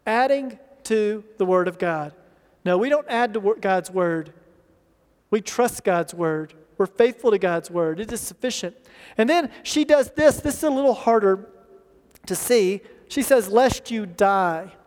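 A man's voice: sits high, measured pace, a little mellow. A man preaching a sermon as pastor, earnest, acting out the voices he quotes and doubling words when he presses a point. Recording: long reverb of a large hall.

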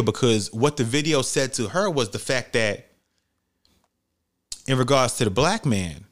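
A young man from New York City hosting a podcast, giving blunt, profane, heated commentary in casual talk. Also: mid-range voice. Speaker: podcast host.

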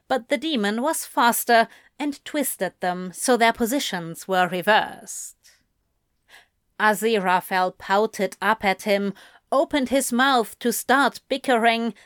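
A woman reading a story aloud, slow and intimate, stretching out the lines. Her voice sits in a middle register. The recording is dry, close to the mic, with no room around it. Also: medium pitch, no room sound. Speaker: reader. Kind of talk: reading fan fiction aloud.

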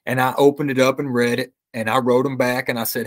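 A man's voice: mid-range voice, little pitch movement, quick pace, hardly any pauses. Fervent man telling his testimony. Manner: fervent, repeats words as he builds a point. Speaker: interview guest sharing his testimony. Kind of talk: earnest testimony storytelling.

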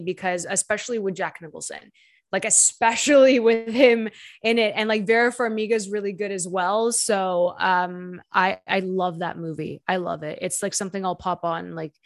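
Young woman gushing about a movie, says like a lot, rambly casual chat. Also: medium pitch. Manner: heavy use of "like", trailing off, gushing.

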